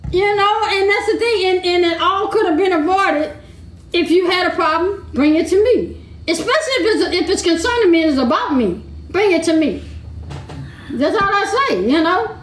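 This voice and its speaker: A very high-pitched woman talks bluntly and with emphasis, laughing between points. Her voice rings through an echoey room in this casual chat. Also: expressive, moderate pace. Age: 50s. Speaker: podcast co-host.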